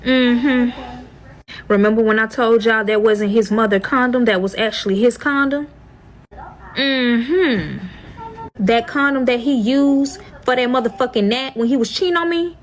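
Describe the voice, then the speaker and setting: A woman's voice: on the high side, a little fast, hardly any pauses, slight background noise, low-quality recording. A young woman telling a storytime in a profane, exasperated, dramatic way. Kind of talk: storytime vlog.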